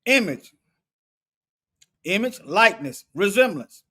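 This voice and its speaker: A man with a notably high voice works slowly through scripture in an unhurried, casual study. His speech is colloquial and loose, and he repeats and restarts phrases as he checks word meanings and reasons things out aloud. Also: big pitch swings, pushed and bright, husky. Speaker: Bible study teacher.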